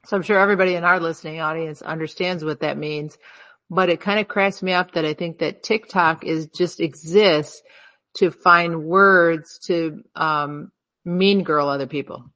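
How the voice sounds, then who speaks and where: A woman's voice: sits low, steady tone, normal speed, fairly bright tone. A woman co-hosting a podcast in casual chat, musing aloud and questioning herself as she goes. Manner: musing, wandering, self-questioning. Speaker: podcast co-host.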